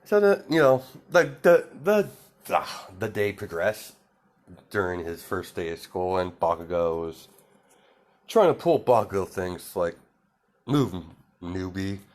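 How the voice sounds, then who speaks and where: Deep-voiced man rambling through a story. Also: sing-song, a little slow, a little mellow. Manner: rambling, many fillers and restarts. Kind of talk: casual improvised storytelling.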